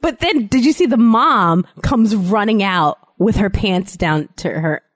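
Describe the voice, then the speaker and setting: Dry-sounding woman chatting lively. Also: mid-range voice, a little slow, dry recording. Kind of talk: casual chat.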